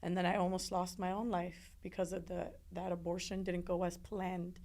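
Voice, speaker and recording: Woman, interview guest, gravelly fry in her voice, emotional halting testimony. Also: lowish voice, flat delivery, a little mellow. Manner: emotional, halting, with many restarts.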